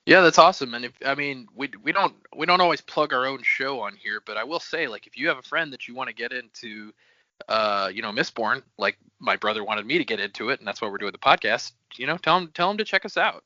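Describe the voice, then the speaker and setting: A man's voice: mid-range voice, animated, fast, sharp tone, no room sound. A man co-hosting a podcast, chatting in an upbeat, casual way. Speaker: podcast co-host. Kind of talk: casual chat. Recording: dry, dull lo-fi sound.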